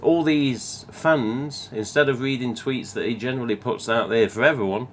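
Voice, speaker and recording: A man's voice: mid-range voice, moderate pace, a little hiss or hum. A man with an English Midlands accent hosting a live stream, chatting casually and reading viewer comments, rambling and swearing now and then. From England.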